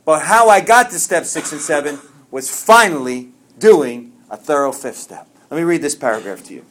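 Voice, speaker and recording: A man sharing a personal recovery story at a meeting, swinging between loud bursts and quiet asides. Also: on the high side, lively intonation, normal speed.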